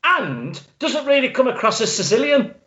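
A man co-hosting a casual film podcast, excitable and quick to exclaim. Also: very high-pitched. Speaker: podcast co-host. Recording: dull lo-fi sound.

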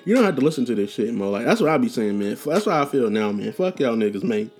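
A young man spins rambling, profane stories from childhood in a loose casual monologue, full of slang and restarts. His voice sits at an ordinary middle pitch. Faint music plays underneath. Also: sing-song, fast, a little mellow. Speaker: podcast host.

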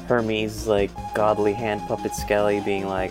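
Low gravelly dude rambling thru a made-up story, music going behind him. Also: male voice, level tone, measured pace. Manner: rambling, loose, profane. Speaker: podcast co-host. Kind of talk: casual improvised storytelling.

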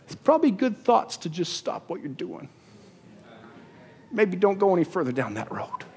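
A man preaching a sermon in a church, animated, acting out the people in the story as he goes. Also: high voice, unhurried, creaky, big-room sound. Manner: animated preaching, voices biblical figures in asides. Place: church sanctuary.

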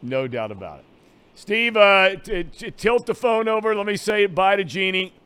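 A man's voice: high-pitched, lively intonation, moderate pace, fairly bright tone, clean tone. Older male radio host, chummy. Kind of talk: casual radio chat.

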